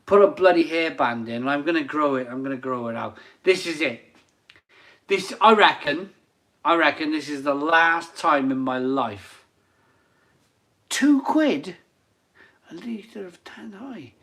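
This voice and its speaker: A man's voice: fairly high pitch, normal speed, a bit bright. A man in his forties hosting a casual live beer stream, chatty and laughing often as he reads out viewer comments. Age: 40s.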